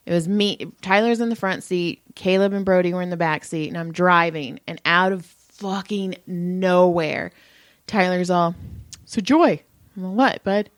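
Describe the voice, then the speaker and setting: A woman's voice: on the low side, fairly even intonation, moderate pace, dry recording, clean studio sound. A woman in her thirties co-hosting a podcast, telling blunt, profane stories and laughing often. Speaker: podcast co-host. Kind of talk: casual crude chat.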